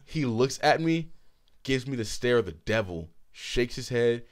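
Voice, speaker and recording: A man in his twenties co-hosting a podcast, telling a story animatedly with frequent laughter and swearing, a bit hoarse. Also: mid-range voice, expressive, a little slow. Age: 20s. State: hoarse throat. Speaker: podcast co-host. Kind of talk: casual chat.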